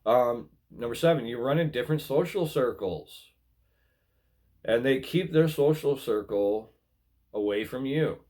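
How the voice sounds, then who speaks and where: A man's voice: mid-range voice, unhurried, a little mellow. A man talking casually to viewers about relationships, earnest and repetitive, often calling them guys. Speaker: relationship advice vlogger. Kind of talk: casual spoken advice.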